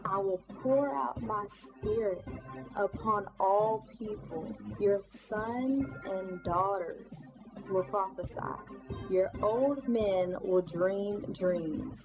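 A woman's voice: mid-range voice, slow pace, low-quality recording. A woman narrating a scripted religious message, earnest and urging listeners to repent. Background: music.

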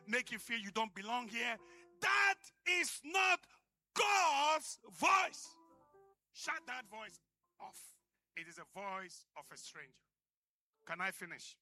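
A man preaching a sermon, swinging from booming peaks to hushed low phrases and firing questions at the congregation.

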